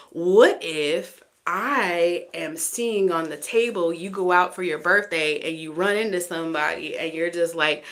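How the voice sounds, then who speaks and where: A woman's voice: on the low side, normal speed, hardly any pauses, a bit bright. A woman reading tarot live, chatty and teasing, often laughing between cards. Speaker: tarot reader.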